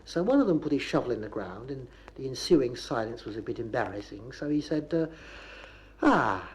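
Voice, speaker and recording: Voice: mid-range voice, lively intonation, a little fast, dark tone, a little hiss or hum, rough recording. A comic performer with a Bristol accent giving a mock lecture on local speech, on a 1970s comedy record. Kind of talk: comic talk on dialect.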